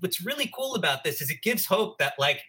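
A man's voice: sits high, big pitch swings, a little fast, sharp tone. A man co-hosting a racing podcast, giving upbeat, persuasive analysis in a casual chat. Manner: upbeat, persuasive, making points. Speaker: podcast co-host.

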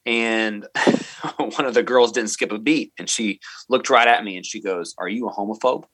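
Forceful, bright-voiced man telling a story. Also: fairly low pitch, measured pace, no room sound. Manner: earnest, quoting himself and others as he tells it. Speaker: middle school teacher, interview guest. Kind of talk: personal story in a podcast interview.

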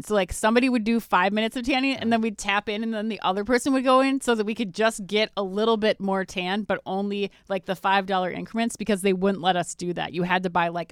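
A woman's voice: medium pitch, clear, resonant tone, dry recording, studio quality. Chatty woman podcast co-host. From Minnesota. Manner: chatty, playful storyteller. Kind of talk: casual chat and sponsor reads.

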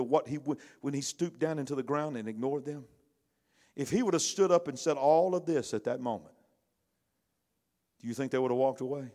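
A middle-aged pastor, preaching in a conversational style that swings between loud bursts and hushed asides. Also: male voice, fairly high pitch. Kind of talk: sermon.

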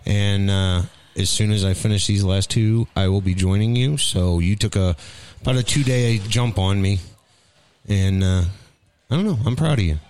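A man's voice: on the low side, moderate pace, darkish tone, a little hiss or hum. Joking male show host, smoker's voice. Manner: joking, rambling, affectionate banter. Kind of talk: casual chat.

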